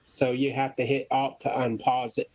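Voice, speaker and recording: A man's voice: mid-range voice, flat delivery, normal speed, a little mellow, dry recording. A man at a tabletop game session, plainly explaining a technical fix. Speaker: player. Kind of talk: casual chat.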